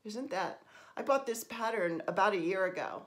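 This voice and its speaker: A woman's voice: mid-range voice, expressive, normal speed, a bit bright. A middle-aged woman from New Jersey chatting casually while she stitches, rambling and poking fun at herself, with lots of ums. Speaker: stitching vlogger.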